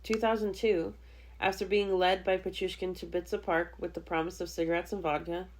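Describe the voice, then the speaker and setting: A woman's voice: lowish voice, little pitch movement, fairly quick. A woman podcast host recounting a true-crime case in a matter-of-fact way, with dry humor. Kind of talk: casual true-crime storytelling.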